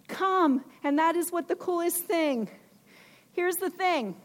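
Woman preacher, high voice, slow and emphatic, keeps asking the crowd stuff. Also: expressive. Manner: emphatic, asks the listeners questions. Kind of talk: sermon.

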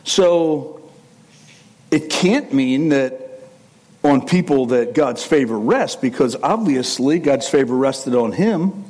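Animated male pastor preaching. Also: mid-range voice, slow pace. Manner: conversational, with asides and self-corrections. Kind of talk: sermon.

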